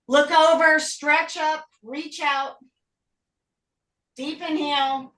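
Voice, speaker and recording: A woman's voice: sits high, fairly even intonation, slow pace, a bit bright. A woman teaching a live online yoga class while doing the poses herself, giving short breathing and pose cues and sounding out of breath. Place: home room. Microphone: video call. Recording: echoey room, voice from far off.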